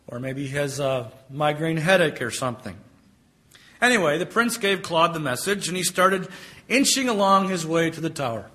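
Male preacher, high voice, emphatic delivery with drawn-out contrasts. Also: animated, bright, forceful tone. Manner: emphatic, stretches key phrases. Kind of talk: sermon with storytelling.

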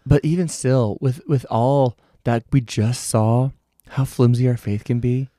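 A man's voice: medium pitch, steady tone, unhurried, dark tone, dry recording, studio quality. A man co-hosting a casual faith discussion. He reflects on the story and gives short affirmations often.

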